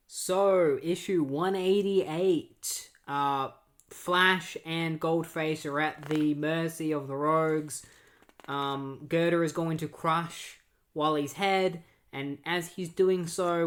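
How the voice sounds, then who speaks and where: A comic book reviewer talks through a storyline in a loose, chatty recap. The voice sits at a middling pitch and keeps stopping and restarting with fillers. Now and then it slips into characters' lines while recounting the plot.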